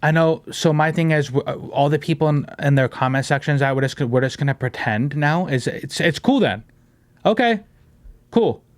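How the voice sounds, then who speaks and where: A man's voice: a little high, normal speed, dry recording. A man hosting a casual podcast, brash and joking, swearing and saying "bro" and "dude" a lot. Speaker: podcast host.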